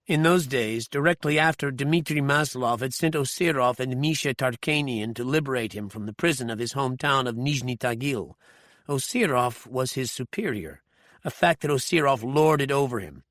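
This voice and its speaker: A man narrating an audiobook thriller in a measured, even storytelling manner. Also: mid-range voice, dry recording, clean studio sound.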